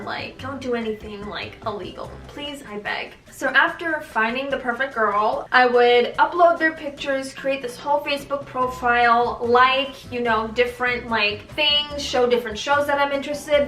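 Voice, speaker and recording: A young woman from Tanzania tells a candid, sarcastic storytime vlog with plenty of slang and swearing. Her voice sits high and sounds bright and sharp. The room adds a noticeable echo. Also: far from the mic. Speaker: vlogger. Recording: roomy echo, voice a bit off-mic.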